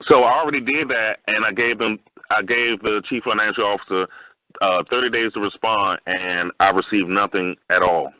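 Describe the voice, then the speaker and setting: A hesitant male caller asks short questions on a call-in radio show. His voice is fairly low and comes through a dry, tinny phone line. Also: steady tone, normal speed, no room sound.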